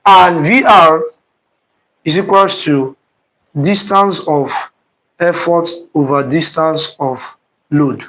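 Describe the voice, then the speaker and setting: A man's voice: a little high, fairly bright tone, poor audio. A man teaching an online exam-prep physics lesson, repeating terms and quizzing students with "what?" questions. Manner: speeds up and slows down, stressing terms.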